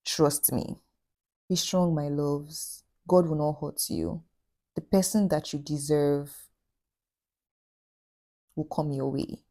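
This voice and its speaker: Tender, low-voiced woman vlogger, mellow tone. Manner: tender, encouraging, repeats phrases for emphasis. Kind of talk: heartfelt advice vlog.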